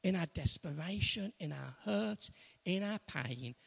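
A man's voice: sits high, expressive, a little slow, gravelly, fairly bright tone, slightly rough. A man preaching a sermon, retelling a story with emphatic repetition. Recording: long reverb of a large hall.

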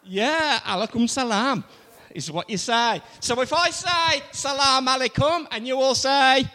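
A man's voice: very high voice, measured pace, sharp tone. A man preaching a sermon, playfully quizzing the congregation and drawing them in before his message. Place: church. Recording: long church reverb.

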